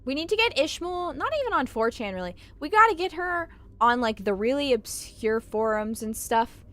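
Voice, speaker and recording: A woman streaming a game live, chatting and swearing freely as she reacts to what happens on screen. Her voice sits a little high and jumps around with lively pitch. She talks into a desk microphone at home. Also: moderate pace. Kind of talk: live let's-play commentary.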